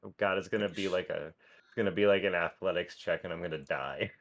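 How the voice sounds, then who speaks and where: A man's voice: sits low, a little fast, a bit bright. A man playing a tabletop game, jokey and stammering in casual chat. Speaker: player.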